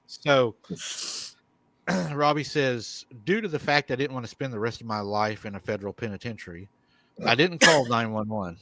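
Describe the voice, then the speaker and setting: A man hosting a live paranormal show, retelling a viewer's encounter in an animated way and chuckling often. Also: mid-range voice, dry recording.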